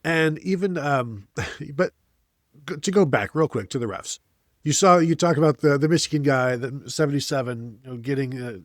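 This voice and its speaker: A man's voice: medium pitch, moderate pace, dry recording, clean studio sound. A man co-hosting a sports podcast, picking apart a game with rambling, exasperated analysis. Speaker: podcast co-host. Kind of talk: casual sports chat.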